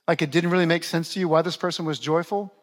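A man's voice: a little high, steady tone, quick pace. A man in his forties, a pastor preaching a sermon, repeating key phrases and asking the congregation questions.

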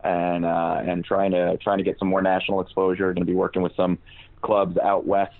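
A man's voice: low voice, completely flat delivery, a little fast. A male comedian calling in as a podcast guest, talking in a loose, rambling way. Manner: rambling, with many fillers and restarts. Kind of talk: casual podcast interview. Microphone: phone call. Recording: muffled call-in line.

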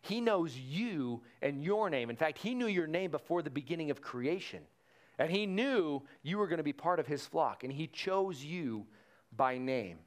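A male pastor preaching a conversational sermon, slowing down to stress key phrases. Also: on the high side, lively intonation. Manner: conversational preaching with fillers and restarts, slowing for emphasis.

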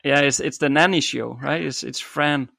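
A man's voice: medium pitch, normal speed, creaky, bright, forceful tone, no room sound, clean studio sound. A man co-hosting a podcast in casual chat, talking with hesitant ums and restarts, Danish his first language. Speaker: podcast co-host.

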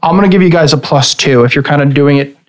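A man narrating a tabletop game as game master, in a relaxed, conversational way with small restarts. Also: on the high side, fast.

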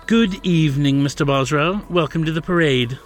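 A man's voice: fairly high pitch, moderate pace, soft background music, voice pushed up, close to an everyday voice. A man reading as a formal, welcoming male alien usher at a grand event. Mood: formal welcome.

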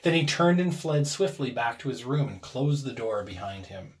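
A man narrating a ghost story in a suspenseful, expressive dramatic reading. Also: mid-range voice, moderate pace.

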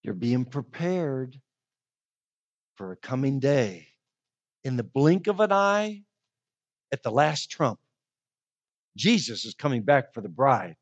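Lively woman preaching a sermon. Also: extremely low pitch, muffled recording. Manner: animated storytelling, slows down for emphasis.

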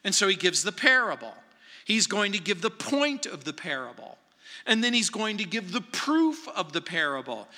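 A man pastor preaching a verse-by-verse sermon in an earnest, emphatic way with dramatic pauses, recorded in a church sanctuary. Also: high voice, big pitch swings, sharp tone. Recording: echoey hall reverb.

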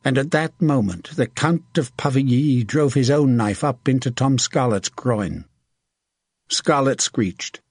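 Audiobook narrator, man, husky and steady, dry close recording. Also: mid-range voice, a little slow, no room sound. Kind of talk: scripted narration.

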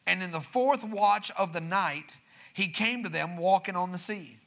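A man with a drawl preaches in a church, his voice high and bright. He checks in with the congregation as he goes, then rises into urgent, raised preaching. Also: creaky. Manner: builds from quiet reading to raised, urgent preaching; asks the congregation for responses. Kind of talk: sermon.

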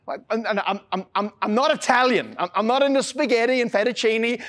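Man, Australian accent, pastor, sermon, high-pitched, earnest, casual slang, repeated starts. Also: fairly quick, hardly any pauses, a bit bright. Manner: earnest, repeats words when starting phrases.

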